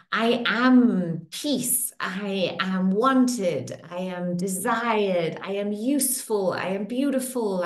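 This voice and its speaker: In an echoey room, a middle-aged woman with a mid-range voice facilitates a women's circle, leading guided tapping and affirmations. She speaks slowly with lively rises and falls, repeating soothing phrases in a steady rhythm.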